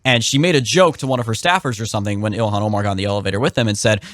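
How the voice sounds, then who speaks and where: A young adult man co-hosting a casual political podcast, opinionated and animated, who acts out the people in his stories. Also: rapid-fire, no echo, clean studio sound. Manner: animated, opinionated, swings pitch sharply for emphasis. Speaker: podcast co-host.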